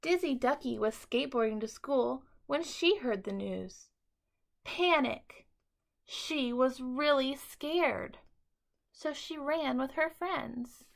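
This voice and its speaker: Female teacher reading a storybook aloud, slow and bright, with a gravelly edge. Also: sits high. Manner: expressive, dramatic read-aloud.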